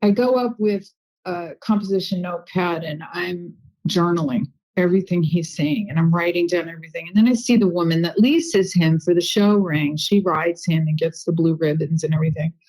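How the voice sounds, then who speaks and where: A woman's voice: lowish voice, moderate pace, low-quality recording. Chatty woman telling a story. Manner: chatty, animated storytelling with many asides. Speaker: guest medium and intuitive healer. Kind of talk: casual interview storytelling.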